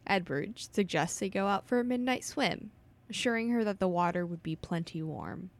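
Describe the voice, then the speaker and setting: A woman co-hosting a podcast, retelling a novel's plot in steady narration with short reactions to her co-host. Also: medium pitch. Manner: steady storytelling recap with quick reactions. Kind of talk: casual chat and book recap.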